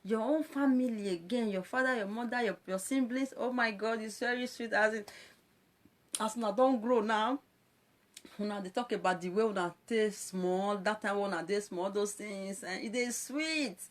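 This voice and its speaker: A woman's voice: mid-range voice, moderate pace. A woman with a Nigerian Pidgin accent, talking playfully and animatedly in a casual live-stream monologue as a social media presenter. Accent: Nigerian Pidgin English. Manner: animated, playful, frequent laughs and exclamations.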